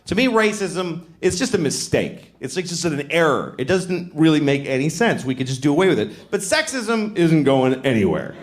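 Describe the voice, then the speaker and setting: Animated stand-up comic man, lively pitch. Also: moderate pace, few pauses. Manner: animated, acts out voices with big jumps in pitch. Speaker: stand-up comedian. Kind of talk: stand-up comedy set. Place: large venue with a live audience. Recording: roomy live hall with crowd noise. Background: audience laughter.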